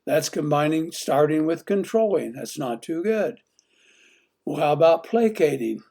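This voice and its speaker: A man's voice: fairly high pitch, animated, a little slow, gravelly, mellow. A man giving an instructional talk on marriage, putting many direct questions to the listener. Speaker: marriage teacher.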